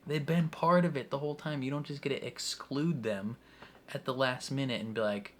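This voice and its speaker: A man's voice: medium pitch, fairly even intonation, moderate pace, fairly bright tone, slight background noise. A young man hosting a TV reaction video, rambling casually with lots of "like" and frequent laughter. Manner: rambling, laughs often, heavy use of "like".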